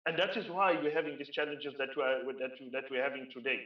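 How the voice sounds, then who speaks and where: A man's voice: mid-range voice, fast. A South African man giving a conference keynote speech, emphatic and driving points home by repeating phrases. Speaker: keynote speaker. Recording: roomy, distant, dull lo-fi sound.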